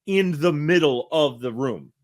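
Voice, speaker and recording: An animated, unhurried man with a voice on the high side is a guest in an interview. In his thirties, he casually tells a long, wandering anecdote, laughing and correcting himself throughout.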